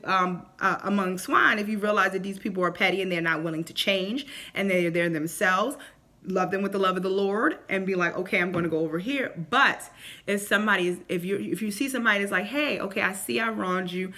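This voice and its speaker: A woman vlogging casual faith advice to camera, animated and acting out quotes in voices. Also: medium pitch.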